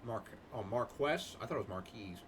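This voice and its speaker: An excitable young man narrates a game with jokes and casual swearing. His voice is bright and his pitch jumps around animatedly. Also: normal speed, a little hiss or hum. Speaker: gaming host. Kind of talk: let's-play commentary.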